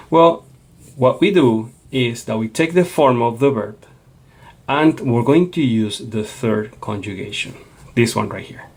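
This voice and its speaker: A man's voice: mid-range voice, vocal fry, slightly rough. A man teaching a Spanish lesson, explaining patiently and checking in with a frequent "okay?". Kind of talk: classroom lecture.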